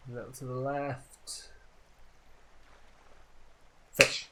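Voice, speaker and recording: A man's voice: medium pitch, little pitch movement, very slow, pushed and bright, a little hiss or hum. A man casually commenting on a game as a streamer, joking and reading on-screen text aloud.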